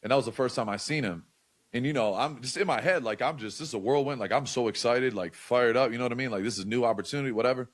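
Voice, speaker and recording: Speaking fast in a mid-range voice, this young podcast guest tells stories casually and animatedly. His talk is loose, peppered with slang and fillers.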